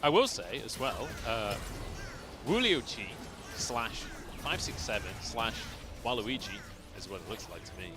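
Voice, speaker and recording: A man calls an esports match with a lively, swooping voice and a playful, joking manner. A clear music bed plays behind him. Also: lowish voice, a little slow. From England. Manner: joking, animated banter. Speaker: esports caster. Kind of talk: casual esports commentary.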